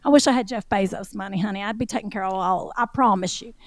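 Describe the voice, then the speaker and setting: A woman co-hosting a podcast in casual chat, an animated, expressive storyteller who laughs often. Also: mid-range voice, quick pace, no echo. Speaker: podcast co-host.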